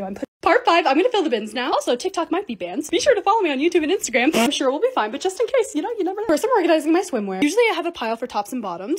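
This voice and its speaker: A young woman narrating her home organizing projects in a chatty, excitable voice-over with quick asides. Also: high-pitched. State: hoarse, losing her voice. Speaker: lifestyle creator.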